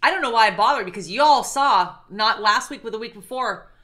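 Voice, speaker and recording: A woman's voice: a little high, expressive, a little fast, bright, forceful tone. A woman co-hosting a live chat stream, telling a story in a chatty, laughing way. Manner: chatty, laughing, many fillers.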